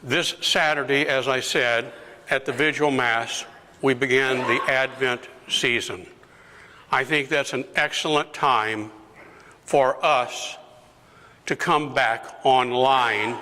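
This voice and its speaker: At a parish lunch gathering, an older deacon talks at a slow pace, his medium-pitched voice bright and strong. When he acts out quoted dialogue, he drives those lines nearly to shouting, all of it echoing with the hall's lengthy reverb.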